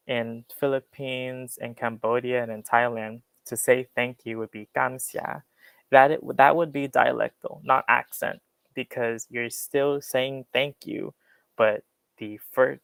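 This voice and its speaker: A man's voice: mid-range voice, fairly even intonation, measured pace, vocal fry, fairly bright tone, clean tone, no echo, low-quality recording. A young American man giving an online class talk, explaining at an easy pace with lots of fillers. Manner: casual, uses many fillers, explains with examples. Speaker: guest speaker on accents.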